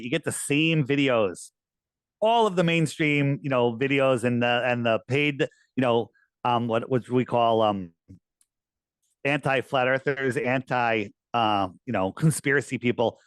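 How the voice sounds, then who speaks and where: A man guest in a casual talk-show conversation, talking in an insistent, animated way. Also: mid-range voice, moderate pace, smooth, no echo, studio quality. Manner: animated, insistent, uses mocking put-on quotes.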